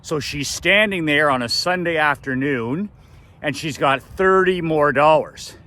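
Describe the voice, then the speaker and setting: A fairly high-pitched, bright, pushed male voice, speaking a little slowly. He's a middle-aged Canadian business coach recounting a family story in a casual vlog, emphatic and repeating phrases for effect.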